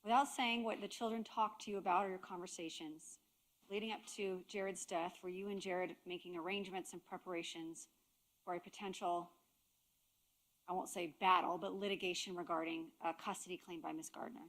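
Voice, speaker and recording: A woman attorney questioning a witness during a courtroom examination, formal and measured. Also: lowish voice, fairly even intonation, a bit bright.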